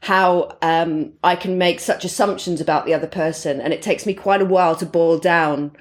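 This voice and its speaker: A woman's voice: fairly low pitch, fairly even intonation, moderate pace. A woman co-hosting a podcast, talking through astrology in a rambling, casual way and laughing often. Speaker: podcast co-host.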